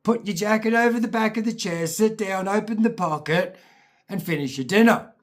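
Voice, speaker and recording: A man voicing a stern, bossy mother who scolds her young son in a sharp, exasperated way. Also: high-pitched, normal speed, voice pushed up, natural voice.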